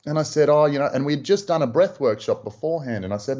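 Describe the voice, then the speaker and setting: An Australian man, a freediving instructor, telling stories in a relaxed, rambling interview style with plenty of fillers. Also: on the high side, fast, hardly any pauses. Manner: relaxed, rambling, lots of "you know". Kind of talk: casual interview storytelling. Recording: dull lo-fi audio.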